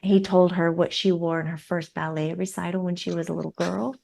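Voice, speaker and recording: A woman, a psychic medium who is a guest on a podcast, tells stories in a lively way and acts out the voices of the people in them. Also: fairly low pitch, fairly quick, vocal fry. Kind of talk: conversational storytelling.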